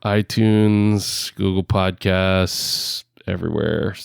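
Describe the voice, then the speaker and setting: A lowish, gravelly male voice, smooth underneath, chatting loosely on a podcast. He rambles with fillers and breaks into laughter, his headset mic sounding dry and close. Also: steady tone, slow, no echo. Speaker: podcast co-host. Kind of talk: casual podcast chat.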